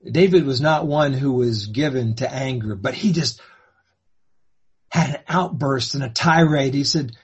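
Husky-voiced man telling a sermon story. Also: medium pitch, measured pace. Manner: swings between hushed and fervent. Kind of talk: dramatic first-person sermon storytelling.

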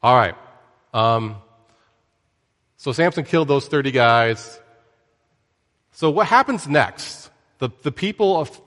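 Man teaching scripture in a reverberant room. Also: mid-range voice. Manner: conversational and joking, with lively asides. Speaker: Bible teacher. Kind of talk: casual Bible lesson.

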